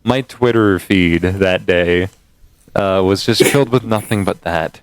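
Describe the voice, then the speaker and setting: A man with a low voice in relaxed podcast chat. He comes across as sheepish and laughs off the teasing. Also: unhurried, clear, resonant tone, no room sound. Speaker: podcast guest animator.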